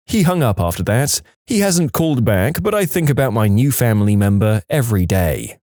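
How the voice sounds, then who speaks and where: Animated male story narrator, dry sound. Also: medium pitch, normal speed, hardly any pauses, no echo. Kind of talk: scripted narration.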